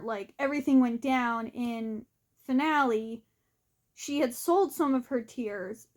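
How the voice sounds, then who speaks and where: A young woman vlogger giving a casual, rambling spoken recap of a book, often saying "like". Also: fairly high pitch. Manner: chatty and rambling, often says "like".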